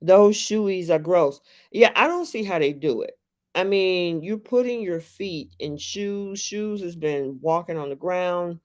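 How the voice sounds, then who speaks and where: A host chatting casually on a live stream about a reality show, reading viewer comments aloud in an unhurried, conversational way. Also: medium pitch, animated.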